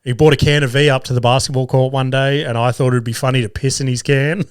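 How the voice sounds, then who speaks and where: A man's voice: medium pitch, fairly even intonation, quick pace, clear, resonant tone, no echo, studio quality. An Australian man hosting a podcast, telling a family story in a casual, profane, laughing way. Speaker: podcast host; father of two young boys.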